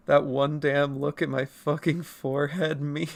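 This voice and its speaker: An artist chats with livestream viewers while drawing, in an unhurried mid-range voice marked by vocal fry. They ramble playfully, laughing frequently, swearing on occasion and slipping in asides that correct themselves.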